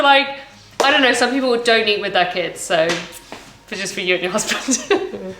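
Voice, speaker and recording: A mum in her thirties with a mid-range voice and moderate pace chats casually while cooking the family dinner at home, dropping many "like"s and giggles for her cooking vlog. The kitchen recording is echoey, with background noise.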